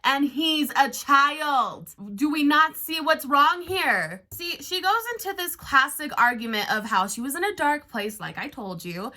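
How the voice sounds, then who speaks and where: Bright, sarcastic woman commentator. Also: high-pitched, expressive, measured pace, hardly any pauses. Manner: sarcastic, blunt, swears freely. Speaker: commentary YouTuber.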